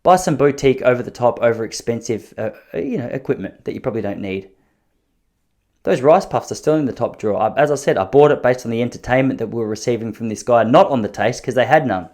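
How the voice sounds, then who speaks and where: A man's voice: medium pitch, animated, quick pace, a little mellow. An Australian man in his thirties hosting a podcast, telling rambling, self-deprecating stories in a casual, jokey way. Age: 30s. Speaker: podcast host. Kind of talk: casual solo storytelling.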